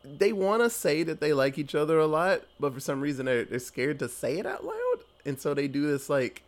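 A man's voice: on the high side, very animated. A young man casually recapping a horror movie, swearing freely, laughing often and briefly acting out the characters' lines. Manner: loose and profane, acts out characters in quick voices, laughs often. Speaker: podcast co-host recapping a movie.

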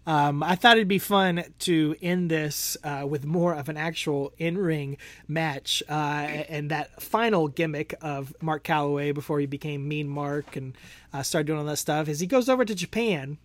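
A fairly high-voiced man talks in a loose, rambling way and laughs often, like a fan recapping old matches with a friend. His voice is close and dry, with no room sound. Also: moderate pace, no room sound. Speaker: podcast co-host. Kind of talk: casual chat.

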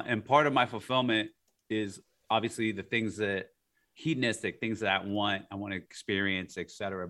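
Rambling, laughing male interview guest. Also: fairly low pitch. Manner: animated, rambling, laughs often, many fillers. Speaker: guest, art collector. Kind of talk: casual interview storytelling.

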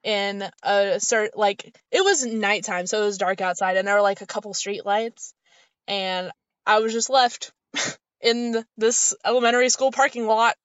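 A woman's voice: medium pitch, fairly even intonation, measured pace, clear, resonant tone, no room sound. A young woman co-hosting a podcast, telling a rambling story in casual chat and laughing often. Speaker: podcast co-host. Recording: slightly dull lo-fi audio, dry.

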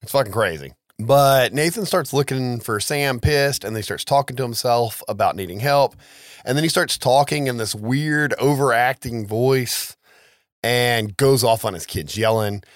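A man's voice: mid-range voice, normal speed, no room sound, clean studio sound. Casual man recapping a movie. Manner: loose, profane storytelling with many "like"s. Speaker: podcast co-host recapping a film. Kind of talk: casual chat.

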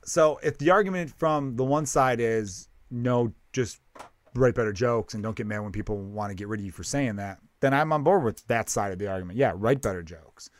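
A man chatting on a podcast, rambling and swearing freely while he cuts himself off mid-sentence. His voice sits at a middling pitch for a man. The sound is dry and close, with no room around it. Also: brisk, no echo. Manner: rambling, profane, self-interrupting. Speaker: comedian and podcast host. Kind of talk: casual podcast chat.

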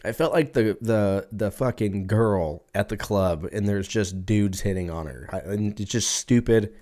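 A man's voice: lowish voice, unhurried, mellow. A man hosting a podcast, telling a rambling, profane story in a casual way and acting out other people's lines. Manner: profane, rambling, acts out voices in anecdotes. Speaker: podcast host.

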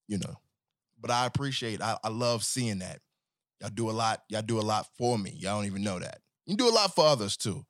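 Podcast host man, casual solo monologue, very lively pitch, dry close mic, profane, joking then earnest. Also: normal speed, no room sound. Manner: animated and profane, swings between joking and earnest.

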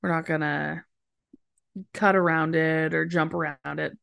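A woman's voice: sits low, little pitch movement, creaky, a bit bright, no echo, clean studio sound. Giggly young woman co-host. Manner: giggly, quick to agree. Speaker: podcast co-host. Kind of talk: casual chat recapping a TV episode.

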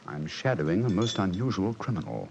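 A self-assured detective explains his case briskly. The voice is lowish but lively, moving fast with plenty of lift and fall. It sounds muffled with a faint hiss, like an old radio broadcast. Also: creaky, heavily acted. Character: brilliant male detective, brisk and confident.

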